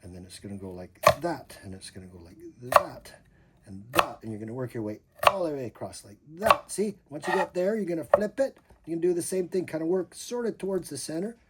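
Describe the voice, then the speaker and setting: Lively older grandfather coaching in a noisy kitchen. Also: a little high, fairly quick. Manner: patient step-by-step coaching, joking. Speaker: grandfather teaching a child to cook. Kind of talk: home cooking lesson. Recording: loud background noise, chopping.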